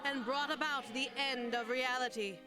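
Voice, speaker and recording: A woman's voice: high-pitched, fairly even intonation, moderate pace, bright, forceful tone. A woman voicing a haughty female eldritch star goddess in a game, speaking grandly and imperiously over game music.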